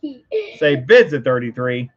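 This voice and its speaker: A man hosting a livestream coin auction, chanting bids in a quick rhythmic auctioneer patter and bantering playfully between calls. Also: medium pitch, huge pitch swings, breathy edge, muffled recording. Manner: rapid rhythmic bid calling, playful teasing. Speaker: host auctioning coins on a livestream.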